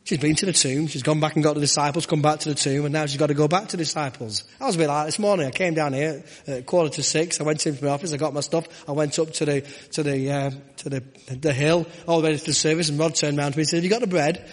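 A man's voice: fairly high pitch, steady tone, fast talker, few pauses, big-room sound. A man preaching a sermon and leading prayer, with rhythmic repeated phrases and rhetorical questions. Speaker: pastor. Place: church.

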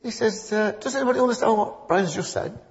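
A man's voice: high voice, fast talker. A man gives a loose, story-filled sermon, wandering between anecdotes before pressing his point with fervour. The recording is dull and muffled. His voice rings with the long reverb of a church hall. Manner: rambling, conversational, rising to fervent emphasis. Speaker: preacher.

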